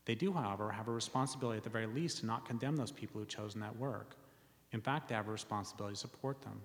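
Man, public talk, earnest, wry asides, filler ums, echoing hall reverb. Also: fairly low pitch. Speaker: speaker reading from his book. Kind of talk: public talk reading premises to an audience.

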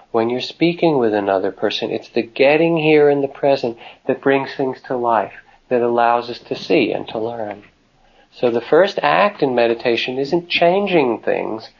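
A man giving a calm, unhurried meditation talk to a group, telling stories and asking the listeners questions. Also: medium pitch. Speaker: meditation teacher. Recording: dull lo-fi talk recording.

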